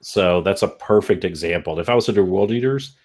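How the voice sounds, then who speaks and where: A man's voice: deep voice, brisk, a little mellow. A man from Texas hosting a casual live podcast chat, laid-back and swearing freely. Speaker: podcast host.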